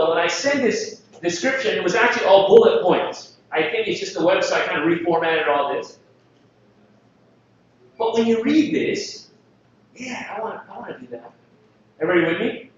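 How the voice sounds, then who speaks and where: A man from the Philippines giving a lively conference presentation, joking and asking the audience questions. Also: sits high, a little hiss or hum. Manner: jokey, asks the audience questions. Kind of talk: live presentation talk. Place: conference hall. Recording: distant mic, echoey hall, dull sound.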